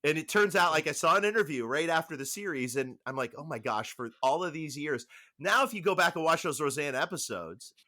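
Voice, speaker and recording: A man's voice: fairly high pitch, brisk. A man co-hosting a podcast, chatting casually, rambling and restarting his sentences as he explains. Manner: rambling, self-interrupting, animated. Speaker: podcast co-host. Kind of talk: casual chat.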